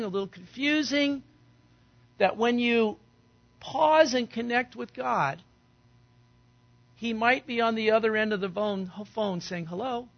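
Male pastor, high gravelly voice, conversational sermon, slightly muffled recording. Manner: conversational, acts out quoted voices loudly.

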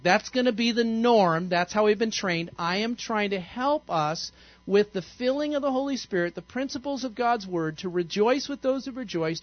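A male pastor leads a conversational sermon, tossing questions to his congregation in a playful manner. The sound is dry, with no room echo. The recording is dull and lo-fi. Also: high voice. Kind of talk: interactive sermon. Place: church sanctuary.

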